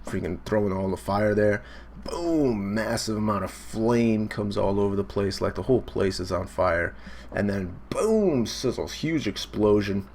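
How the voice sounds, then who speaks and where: A man's voice: on the low side, steady tone, normal speed, hardly any pauses, a little hiss or hum. A young man hosting a casual live manga reaction, laid-back and full of fillers as he recaps and reads panels aloud. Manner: laid-back, filler-heavy, briefly acting out character shouts.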